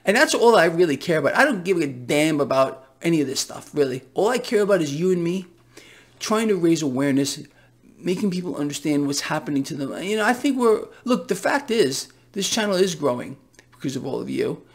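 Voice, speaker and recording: A man's voice: a little high, expressive, brisk. A man hosting a casual market commentary vlog, talking in an emphatic, sarcastic, ranting way. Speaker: financial commentator host.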